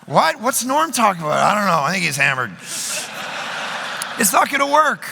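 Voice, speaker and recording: High, bright-voiced joking pastor. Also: male voice, big pitch swings, vocal fry, slight background noise. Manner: rapid, joking, self-deprecating storytelling. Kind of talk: conference sermon. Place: large conference hall. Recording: long hall reverb.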